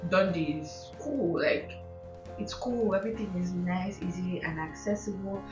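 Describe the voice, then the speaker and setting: A woman's voice: on the low side, measured pace. A young woman telling stories in casual chat, laughing often and mimicking how others talk. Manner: expressive storyteller, mimics accents, laughs often. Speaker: guest, host's sister. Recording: roomy, dull sound with faint music.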